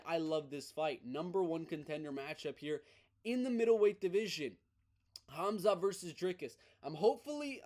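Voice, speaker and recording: A man hosting a fight news vlog in a casual, excited, opinionated way, often repeating himself for emphasis. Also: high-pitched. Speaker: MMA news host.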